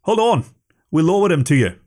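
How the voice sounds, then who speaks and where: A man doing a blunt, loud female sea captain. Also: lowish voice, lively intonation, brisk, slightly rough. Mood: curt loud. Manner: curt, loud, dismissive.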